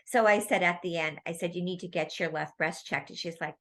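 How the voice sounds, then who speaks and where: A woman guest in an interview, telling long stories in a rambling, animated way. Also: lowish voice, a little fast. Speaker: guest, medical intuitive medium. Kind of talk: casual storytelling interview.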